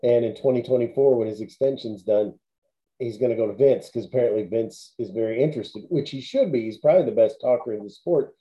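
A man with a very dark, mellow voice shares blunt opinions in casual talk. The audio is dull and lo-fi. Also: mid-range voice, fairly quick. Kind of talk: casual chat.

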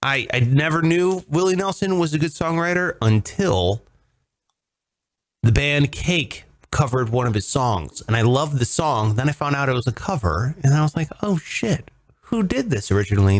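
A man from Ohio co-hosting a podcast, talking in a loose, profane, ranting way. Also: a little high. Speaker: podcast co-host. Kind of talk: casual chat.

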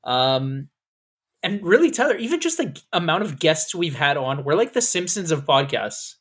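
A man co-hosting a casual podcast, talking fast, swearing and laughing often. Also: on the high side, very animated, a bit bright, breathy edge. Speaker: podcast co-host.

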